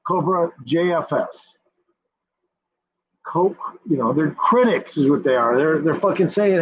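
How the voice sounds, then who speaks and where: Husky, high-voiced man ranting profanely. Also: expressive, measured pace, long pauses, highs cut off. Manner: profane, combative, repetitive. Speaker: streamer. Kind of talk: ranting commentary.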